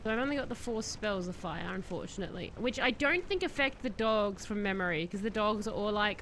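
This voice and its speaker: A woman streaming a game, possibly, chatting excitedly and answering her chat as she plays. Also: medium pitch, brisk, hardly any pauses, slight background noise. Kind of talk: live-stream gameplay chat.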